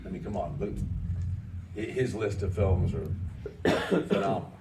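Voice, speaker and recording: A man in his sixties from the United States, a guest actor telling lively anecdotes at a festival Q&A, often restarting his sentences. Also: deep voice, moderate pace. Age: 60s. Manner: animated anecdotes, frequent restarts. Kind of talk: festival Q&A storytelling. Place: festival event hall. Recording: echoey room, distant mic, faint noise.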